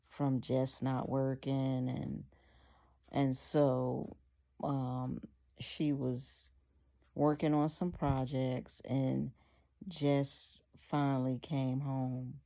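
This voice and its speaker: A woman telling a story from her own book in a loose, unhurried way, with frequent fillers. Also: extremely low pitch, gravelly, dark tone. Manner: unhurried, with many fillers and restarts.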